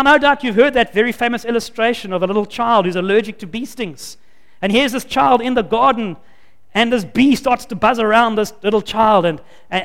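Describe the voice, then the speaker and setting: A man preaching a sermon, his voice sitting high for a man. He drives points home with loud bursts of emphasis, then drops to low, hushed asides. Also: clean tone, in a large hall.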